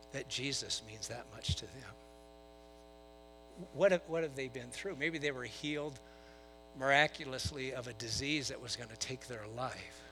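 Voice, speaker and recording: A man preaching a sermon to a church, telling stories and swinging between soft asides and loud bursts. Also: mid-range voice, rough recording. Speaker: pastor.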